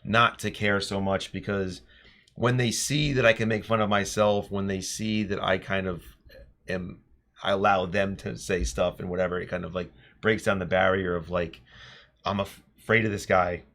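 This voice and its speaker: A man's voice: low voice, steady tone, normal speed, fairly bright tone. A man who is a teacher and podcast co-host, talking in a joking, self-deprecating, easygoing way. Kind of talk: casual chat.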